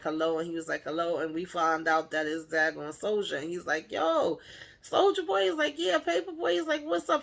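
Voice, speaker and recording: A woman recapping a TV episode in casual chat, acting out the characters' lines with animated shifts in voice and laughing along. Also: on the low side. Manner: animated retelling, playfully acts out the characters' lines; laughs while retelling. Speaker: TV show recapper.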